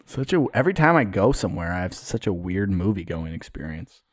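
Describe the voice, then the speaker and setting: A young man, co-hosting a podcast, telling stories in a casual, animated way. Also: low voice, fairly quick, dry recording, clean studio sound. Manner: storytelling, animated retelling with put-on quotes. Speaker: podcast co-host. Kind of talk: casual chat.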